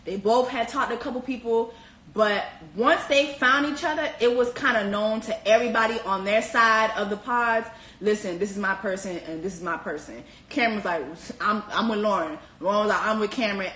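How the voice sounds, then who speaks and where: Woman host, casual slangy gossip, profane, animated, higher voice, echoey room. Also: moderate pace. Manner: animated, slangy and profane, with high-pitched exclamations. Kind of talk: casual reality-TV commentary.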